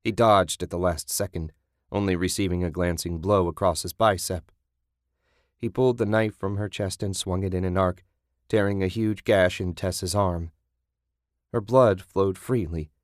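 A man narrating a graphic horror audiobook in a steady, scripted delivery. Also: deep voice, moderate pace, no echo, clean studio sound.

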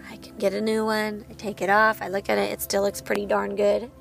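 Candid woman with a gravelly edge. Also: medium pitch, monotone, fairly quick, soft background music. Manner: candid, self-encouraging, laughs at herself. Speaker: podcast host, parent of a child with medical needs. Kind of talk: personal podcast monologue.

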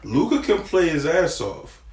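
A man's voice: on the high side, sing-song, unhurried, darkish tone. A man in casual podcast banter, emphatic and repeating himself for effect. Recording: echoey room with crowd chatter.

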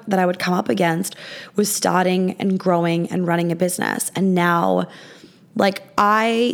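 A woman's voice: on the low side, creaky. A young adult woman hosting her own podcast from her apartment, chatting casually, swearing often, with many fillers. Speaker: podcast host and business coach.

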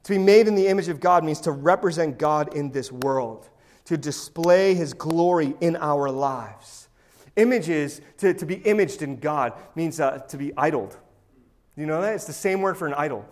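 A man's voice: on the high side, lively intonation, moderate pace. A pastor preaching a sermon to his congregation, emphatic and now and then sarcastic.

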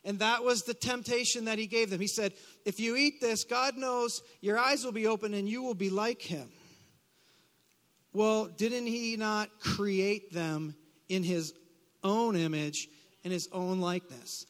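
A man preaching a live sermon as pastor, leading call-and-response declarations with chatty asides and bursts of shouting. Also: sits high, a little slow. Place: church sanctuary. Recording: long hall reverb.

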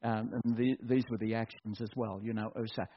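A middle-aged man preaching a sermon, animated and acting out quotes in mock voices. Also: lowish voice, a little fast. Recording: dull lo-fi recording.

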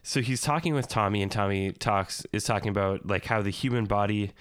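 A man's voice: on the low side, fairly quick, a bit bright, clean tone, no echo, clean studio sound. A man co-hosting a podcast, talking casually and chuckling often. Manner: amused, chuckling as he talks. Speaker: podcast co-host. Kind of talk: casual chat.

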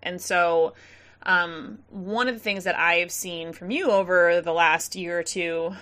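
A woman's voice: fairly low pitch, steady tone, unhurried, a bit bright. A woman co-hosting a casual podcast interview, chatty and loose, with frequent ums and laughs. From central Massachusetts. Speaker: podcast co-host.

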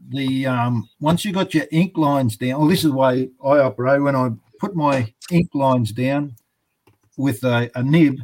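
Relaxed rambling man chatting about inking. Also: medium pitch, low-quality recording. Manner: rambling, relaxed, many fillers. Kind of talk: casual chat about inking comics.

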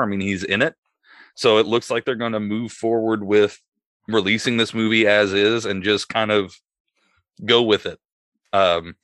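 A man's voice: lowish voice, a bit bright, dry recording. A man hosting a casual podcast chat, leading the talk and moving the show from topic to topic. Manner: leads the talk, steers to next topic. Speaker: podcast host.

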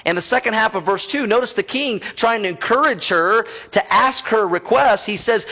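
A man's voice: high voice, expressive, moderate pace, few pauses, sharp tone. A male pastor preaching a sermon in a conversational style, with joking asides to the congregation. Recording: dull muffled sound.

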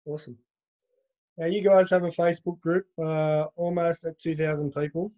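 A man's voice: on the high side, flat delivery, moderate pace, dark tone. A man hosting an interview, asking short, friendly questions. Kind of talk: casual interview. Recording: dull lo-fi sound.

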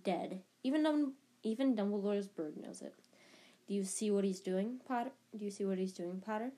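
A woman reading an audiobook and voicing a cold, gloating young male dark wizard in a low, quiet, taunting tone. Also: normal speed, close to an everyday voice.

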